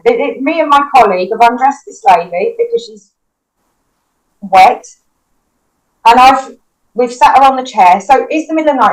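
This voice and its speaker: A woman's voice: a little high, poor audio. Emotional woman telling a story. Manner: emotional, vivid retelling with quoted dialogue. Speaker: paramedic guest. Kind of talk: personal storytelling in a podcast interview.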